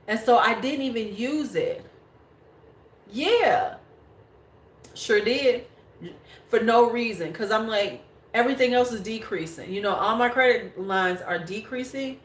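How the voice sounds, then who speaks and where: On her beauty livestream, a woman in her forties from the United States talks with viewers in a casual, blunt manner and swears freely. Her fairly high, slightly bright voice moves a little slowly, in an echoey room.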